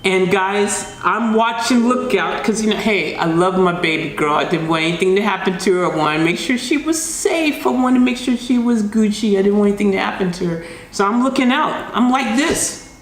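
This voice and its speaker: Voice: medium pitch, normal speed, a little hiss or hum. A channel host telling a story to camera, talking casually and animatedly to viewers, full of slang, recorded at home. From United States. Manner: animated, chatty, addresses viewers as guys, slang-heavy. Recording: roomy echoey room.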